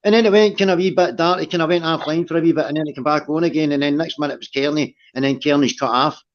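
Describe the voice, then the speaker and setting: A man's voice: fairly high pitch, fairly even intonation, very fast. A man telling a story in casual livestream chat, sweary and repeating himself as he goes. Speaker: live stream panelist. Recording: dull lo-fi stream audio.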